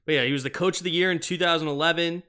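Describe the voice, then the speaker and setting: Man, stream host, play-by-play caller, clipped play calls, bright tone. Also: a little high, steady tone, rapid-fire, clear, resonant tone. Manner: reads viewer comments aloud and answers them; calls plays in short clipped phrases. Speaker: livestream sports host. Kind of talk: live play-by-play and chat reading.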